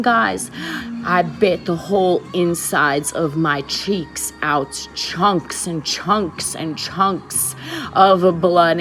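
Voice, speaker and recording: A woman, speaking straight to her viewers in a casual, confessional storytelling vlog, emphatic and repeating herself for weight. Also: lowish voice. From the Bronx, New York. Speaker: vlogger.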